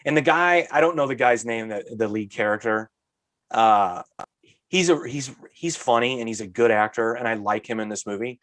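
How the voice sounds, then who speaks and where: Exasperated, animated man ranting in a podcast. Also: medium pitch, normal speed, no room sound. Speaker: podcast co-host. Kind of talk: casual chat.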